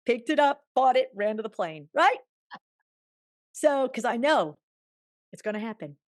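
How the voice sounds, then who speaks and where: A woman guest telling a personal spiritual story in long, tumbling sentences, swinging from hushed murmurs to bright exclamations. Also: fairly high pitch, very animated, a little slow, no room sound, clean studio sound. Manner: chatty, tumbling run-on sentences. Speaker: podcast guest.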